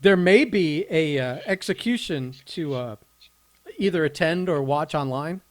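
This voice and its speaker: A man chats on a podcast in a halting way, stopping for "uh" again and again. His voice sits fairly high, and he teases dryly. The sound is close and dry, with no room echo. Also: lively intonation. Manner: halting, full of "uh" fillers, dry teasing. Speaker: podcast co-host. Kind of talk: casual chat.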